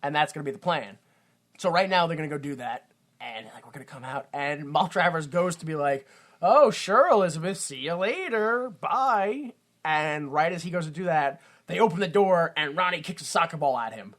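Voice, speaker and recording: A man hosting a podcast, chatting casually about a film, excitable, laughing often and swearing. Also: a little high, brisk. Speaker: podcast host. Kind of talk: casual chat recapping a film.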